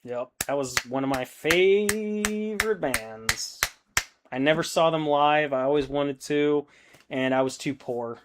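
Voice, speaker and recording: A man's voice: on the high side, measured pace, a bit bright, a little hiss or hum. Laid-back swearing man streaming. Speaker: streamer hosting a hobby painting stream. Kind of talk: casual chat reading viewer comments.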